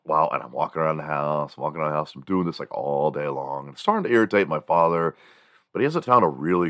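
A man with an extremely deep voice spins a casual, animated story and acts out sounds as he talks. The recording is dry and close, with no room echo. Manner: animated, mimics sounds and voices, chuckles while telling stories. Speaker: podcast host.

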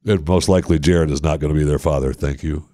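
A man hosting a comedy podcast, mocking news clips and crooning at them in a low, soothing voice. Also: fairly even intonation, fast talker, heavy background noise. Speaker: podcast host. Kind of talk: comedic commentary over clips.

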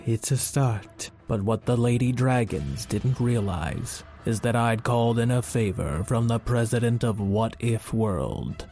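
A man's voice: mid-range voice, a little mellow. Dry playful guy telling a made-up kids story, takes his time. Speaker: storyteller and host. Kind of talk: improvised kids' story narration.

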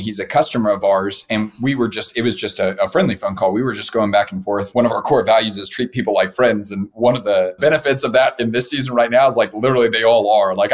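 A man hosting a podcast in casual conversation, affirming and conversational as he responds to his guest. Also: medium pitch. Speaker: podcast host.

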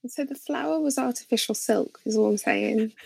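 A woman's voice: on the high side, moderate pace, gravelly, darkish tone, breathy edge. A woman guesting on a podcast in casual chat, sarcastic and thoughtful, hesitating with plenty of ums.

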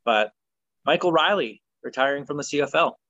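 A man's voice: a little high, fairly quick, dry recording, highs cut off. A man hosting a football talk show, chatting casually and firmly with fillers and opinions. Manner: relaxed, opinionated, many ums and uhs. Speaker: sports podcast host.

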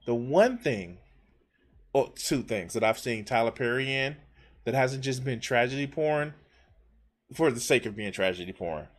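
A man with a mid-pitched, ordinary voice talks bluntly over a clip he is reacting to. He swears freely and stops and restarts as he works out his point, in a loose streamer style. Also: lively intonation, unhurried. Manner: blunt and profane. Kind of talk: casual reaction commentary.

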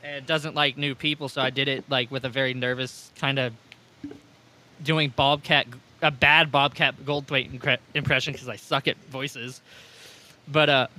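A man's voice: mid-range voice, bright, forceful tone. A man hosting a casual podcast chat, rambling and swearing freely. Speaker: podcast host.

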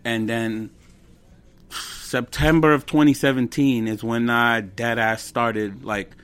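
A man in his twenties, a comedian guest on a casual podcast, telling animated stories with slang, swearing and bits of Spanish. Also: mid-range voice, slow, clear, resonant tone. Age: 20s.

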